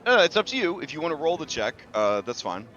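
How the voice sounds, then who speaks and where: A man's voice: a little high, very animated, fast, fairly bright tone, dull audio, soft background music. Casual man running a tabletop game. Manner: casual, filler-heavy, explanatory. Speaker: game master.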